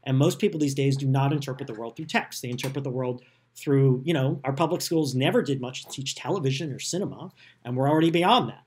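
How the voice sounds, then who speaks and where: A man's voice: mid-range voice, fast, a little mellow, breathy edge. A man hosting a podcast, talking in a casual, sarcastic and self-deprecating way about politics. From United States. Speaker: podcast host.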